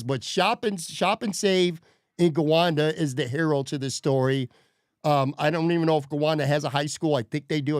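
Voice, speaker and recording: A man's voice: a little high, no echo, studio quality. A man hosting a podcast, telling a story in a profane, worked-up way. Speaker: podcast host. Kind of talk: casual podcast rant.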